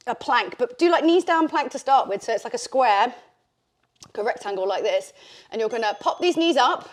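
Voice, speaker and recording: Breathless woman coaching a workout. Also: fairly high pitch. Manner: chatty, encouraging, with fillers like "like" and "okay". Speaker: fitness instructor. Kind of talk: workout instruction.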